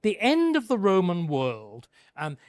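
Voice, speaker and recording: Older man, historian lecturing off the cuff, animated pitch, dry close sound. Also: measured pace, dry recording. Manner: emphatic, stresses key words, frequent restarts. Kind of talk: unscripted history talk.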